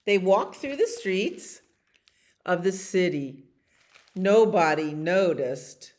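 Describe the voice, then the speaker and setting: A woman librarian reading a picture book aloud to children in an animated, expressive way. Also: lowish voice, slow.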